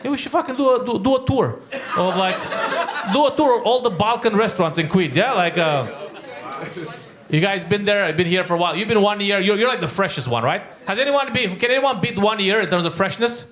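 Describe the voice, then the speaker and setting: A man from Romania doing live crowd work as a stand-up comedian, teasing and rambling with quick asides. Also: high voice, expressive. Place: comedy club with audience. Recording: loud crowd and background noise. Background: audience laughter.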